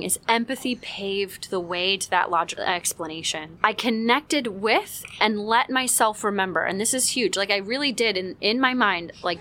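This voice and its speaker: A mother telling a parenting story in a casual teaching talk, animated, with frequent "like" and quick acted-out quotes. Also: medium pitch.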